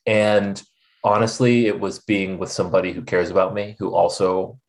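A young man with a fairly low voice talks openly as a podcast guest. He tells his story with animation and acts out the voices of others as he goes. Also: level tone, moderate pace. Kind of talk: candid conversational storytelling.

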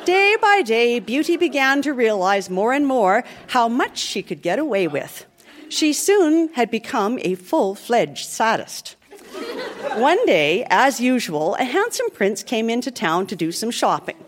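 A woman's voice: on the high side, very animated, measured pace, slight background noise. Theatrical woman reading a comic tale. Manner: theatrical, mock-solemn storytelling. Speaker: podcast host reading aloud. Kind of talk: live comic dramatic reading. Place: theatre stage, live show.

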